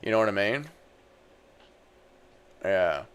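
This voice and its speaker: Excitable Australian man streaming fights. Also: lowish voice, slow, smooth. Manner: swears freely, reads chat aloud, yells at the fight. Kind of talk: casual livestream chat and fight reaction.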